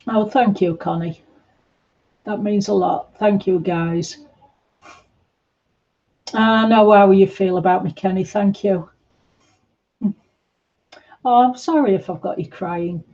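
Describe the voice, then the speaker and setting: A woman chatting gently on a livestream, answering viewers' comments in a reassuring way. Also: mid-range voice, slow, pauses often, dull audio. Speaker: livestream host. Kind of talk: casual livestream chat reading comments.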